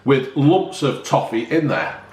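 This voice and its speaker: A man's voice: medium pitch, big pitch swings, measured pace, a little mellow, reverberant. A man, chatting enthusiastically as a casual food review vlogger, often talking while eating.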